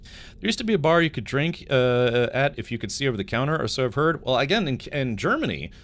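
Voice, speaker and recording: A man's voice: mid-range voice, very animated, a little fast, fairly bright tone. A man streaming a game live, chatting casually with his chat and telling rambling stories with frequent laughs. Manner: rambling storyteller, laughs often, talks to chat.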